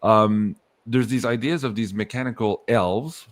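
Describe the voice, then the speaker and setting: A man's voice: fairly low pitch, no echo. A man hosting a podcast, chatting casually and jumping between tangents. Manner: animated, quick tangents. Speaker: podcast host.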